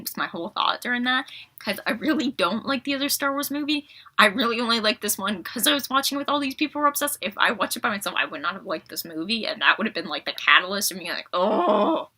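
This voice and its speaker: Young female podcast host, bright and sharp, sarcastic and fed-up casual rant, slightly sick. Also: medium pitch. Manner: exasperated, sarcastic, animated. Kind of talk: casual film review rant.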